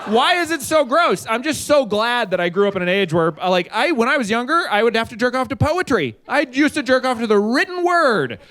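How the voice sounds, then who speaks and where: A man in his forties doing a live stand-up set on a stage, rambling loosely and jumping into shrill acted quotes. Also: big pitch swings, brisk, hardly any pauses, sharp tone, slight background noise. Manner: loose, rambling delivery with sudden high-pitched acted quotes. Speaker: stand-up comedian. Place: stage at a live comedy show.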